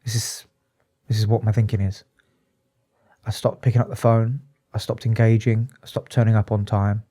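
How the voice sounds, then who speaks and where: Man, psychotherapist guest; candid, emotional, restarts a lot; mellow, dark voice. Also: fairly low pitch, level tone, breathy edge. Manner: earnest, emotional, halting with restarts. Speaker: psychotherapist and addiction specialist, guest. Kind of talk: candid interview talk.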